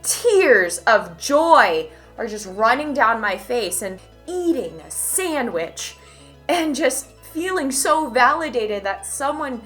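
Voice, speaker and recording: A young woman from Idaho chatting to camera, telling a dating story in a lively, talkative way. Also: on the high side, slow pace, faint music behind. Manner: animated, chatty, swings from loud to hushed. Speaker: vlogger.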